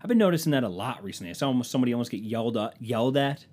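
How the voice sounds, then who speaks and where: A man's voice: medium pitch, expressive, racing, darkish tone. A man telling comic stories as a podcast host in a profane, sarcastic, self-mocking casual rant. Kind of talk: casual comedic storytelling rant.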